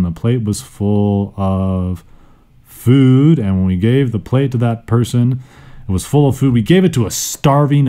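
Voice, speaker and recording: A man hosting a vocabulary podcast, talking in a casual, playful way with bursts of jokes. His voice sits a bit low and sounds mellow and dark. He teaches from a chair at a studio mic. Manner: playful, animated teacher, jokes and sudden pitch jumps. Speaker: podcast host. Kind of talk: casual educational podcast monologue. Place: indoors, seated on a squeaky chair. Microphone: studio microphone.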